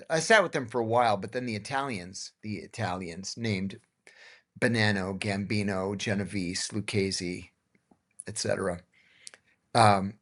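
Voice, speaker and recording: A man's voice: lowish voice, moderate pace, fairly bright tone. A middle-aged man hosting a podcast, telling anecdotes in a casual way and acting out the dialogue. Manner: anecdotal, acts out dialogue in his tales. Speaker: podcast host.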